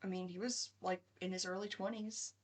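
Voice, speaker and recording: A woman's voice: medium pitch, steady tone, brisk. A woman in her late twenties co-hosting a podcast, chatting casually, laughing easily and saying "like" a lot. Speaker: podcast co-host. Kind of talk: casual chat.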